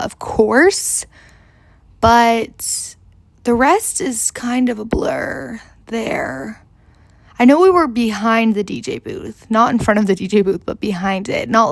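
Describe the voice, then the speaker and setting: A woman's voice: a little high, vocal fry, no echo. A young woman vlogger telling a rambling story in casual chat, full of "like" and the odd swear.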